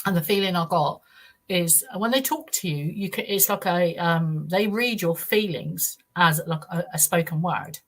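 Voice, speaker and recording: Earnest, halting woman, low voice. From United Kingdom. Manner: earnest, halting storytelling with frequent restarts. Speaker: guest. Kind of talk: first-person account in a podcast interview.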